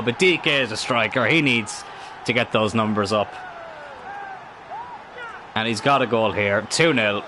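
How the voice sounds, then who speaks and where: A man streams a football video game, chatting and reacting as he plays. He rambles between asides and swears at the game. His voice has a bright, forceful edge. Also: mid-range voice, moderate pace, pauses often, slight background noise. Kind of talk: live gameplay commentary.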